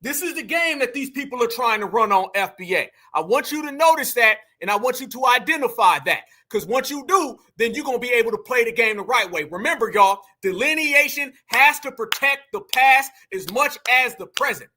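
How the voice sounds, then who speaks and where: A man runs a heated political commentary show, hammering his points and repeating them to his viewers. His voice sits very high for a man. It has a piercing, bright edge. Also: expressive, brisk, hardly any pauses. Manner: emphatic, repeats points, keeps addressing the audience as fam and y'all. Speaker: commentary channel host.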